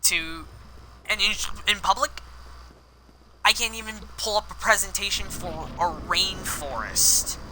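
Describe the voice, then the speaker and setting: Male gaming streamer, fairly high, very sharp tone, rambling candid talk with frequent swearing. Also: measured pace, slight background noise, low-quality recording. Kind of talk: live game commentary with personal confession.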